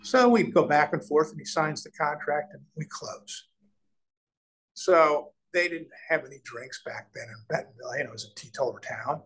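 Speaking at normal speed in a slightly rough, higher voice, this Nebraska real estate developer tells stories as an interview guest. He's animated, performs the voices of people he quotes, and restarts frequently. Audio quality is poor.

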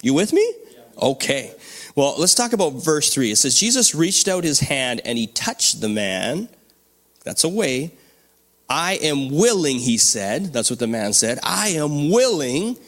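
A man preaching a sermon as pastor, animated and often asking the congregation for responses. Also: mid-range voice, measured pace.

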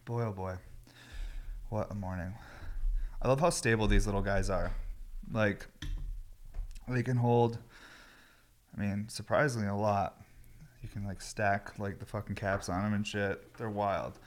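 Stoned, low-voiced man rambling casually. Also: fairly even intonation, measured pace, pauses often. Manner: laid-back, rambling, swears freely. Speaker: podcast host. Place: home garage.

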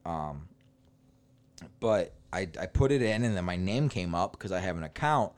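Comedian co-host, low-pitched man, rambling profane anecdotes full of quoted dialogue. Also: lively intonation, moderate pace, clean tone. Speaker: stand-up comedian, podcast co-host. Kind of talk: casual podcast storytelling.

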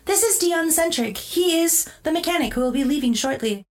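A woman voicing a polite, formal ship assistant in a measured way. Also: sits high, animated, voice pushed up.

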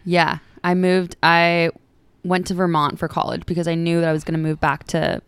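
A woman's voice: lowish voice, level tone, clear, resonant tone, dry recording. A young woman from San Francisco co-hosting a podcast, chatting casually and reacting supportively. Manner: supportive, reactive listener with quick laughs. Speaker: podcast co-host. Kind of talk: casual chat.

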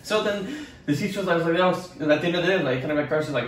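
A man's voice: fairly high pitch, lively intonation, rapid-fire, distant mic. A young man on a podcast, rambling through school stories with lots of swearing and acted-out quotes. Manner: rambling, profane, acts out quotes. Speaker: podcast co-host. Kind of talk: casual podcast storytelling. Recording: echoey room, off-mic with faint noise.

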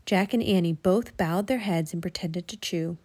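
A woman at home reading a children's chapter book aloud, animated and raising her voice for the children's lines. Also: on the low side, moderate pace, breathy edge.

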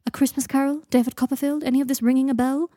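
A woman's voice: high-pitched, little pitch movement, fast, warm tone, no room sound, studio quality, pitched above the performer's own voice. A woman voicing a posh, gloomy young wizard man who talks in a dramatic, sulky way, in a storybook reading. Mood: fretful.

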